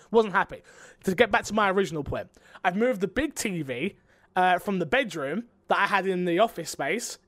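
This man has a British accent and talks fast and animated, winding himself up as he tells a story. His voice sits high for a man. He is recorded close and dry, with no room sound. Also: no room sound. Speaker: podcast co-host. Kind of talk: casual chat.

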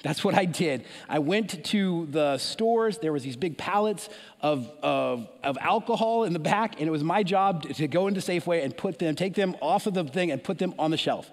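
A man preaching a sermon as an animated story, with frequent restarts and asides. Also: a little high, normal speed, in a large hall.

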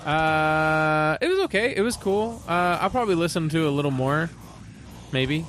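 A man's voice: a little high, a bit bright, a little hiss or hum. Wisecracking man on a podcast. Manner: wisecracking, quick puns. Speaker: podcast co-host. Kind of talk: casual podcast chat.

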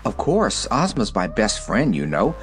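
A man's voice: on the low side, wildly swooping pitch, a little slow, voice pushed down. A man voicing an earnest, lost young girl in a storybook, eager and impatient.

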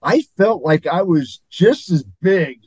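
A man's voice: high voice, expressive, takes it slowly, a little mellow, husky, no room sound, poor audio. An older man, a former athlete and guest, telling stories in a rambling, chuckling way. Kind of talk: anecdotal interview storytelling.

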